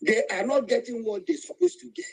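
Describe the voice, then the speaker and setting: Nigerian guy ranting in a voice chat, husky, high and swooping all over. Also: expressive, fairly quick, poor audio. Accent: Nigerian, Igbo. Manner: emotional, angry, preaching, rising to cries. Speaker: speaker in an online activist voice room. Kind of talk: impassioned speech to an online audio room.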